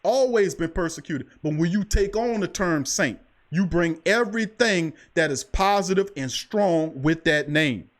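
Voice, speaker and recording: A man's voice: a little high, expressive, unhurried, hardly any pauses. A man hosting a sports talk show, speaking in an impassioned, preachy way and repeating himself for emphasis. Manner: preachy, emphatic, repeats "I'm telling you". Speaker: podcast host.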